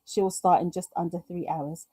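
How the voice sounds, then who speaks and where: A woman's voice: on the low side, fairly even intonation, normal speed, warm tone, dry recording. A British woman hosting a live craft stream, chatting casually, reading viewer comments aloud and talking to herself through technical hiccups. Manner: chatty, reads chat aloud, talks to herself through tech glitches.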